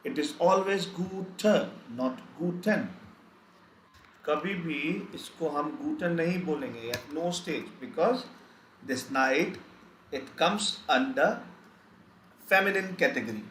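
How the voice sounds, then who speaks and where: A man teaching a live online German lesson, speaking slowly and repeating each word several times. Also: a little high, animated, a bit bright. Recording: echoey room, faint background noise.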